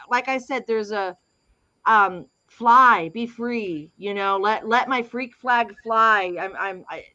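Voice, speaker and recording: A woman's voice: mid-range voice, bright, forceful tone, no echo, highs cut off. A woman co-hosting a casual chat, bubbly and chatty, with frequent giggles. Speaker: co-host.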